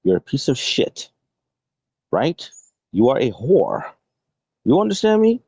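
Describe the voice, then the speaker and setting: A man's voice: mid-range voice, huge pitch swings, unhurried, vocal fry, dark tone, husky, no room sound. A man hosting a live stream, scolding someone in an aggressive, profane, confrontational rant. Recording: dull lo-fi stream audio.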